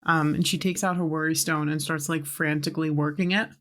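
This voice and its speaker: A woman's voice: deep voice, steady tone, a little fast, fairly bright tone. Hesitant woman tabletop player. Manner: hesitant, lots of fillers. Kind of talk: casual tabletop play.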